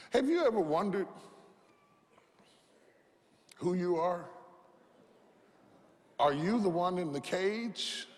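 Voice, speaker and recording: A man's voice: sits high, animated, measured pace, long pauses. A man preaching a sermon as pastor, impassioned and rhythmic, repeating lines and leading the crowd to say them back. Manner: impassioned, rhythmic preaching with repetition and call-and-response. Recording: long hall reverb.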